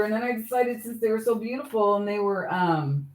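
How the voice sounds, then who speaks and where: A woman's voice: medium pitch, fairly quick, darkish tone. A middle-aged woman hosting a casual crafting livestream, chatting with viewers by name while she works on her journals. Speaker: livestream host.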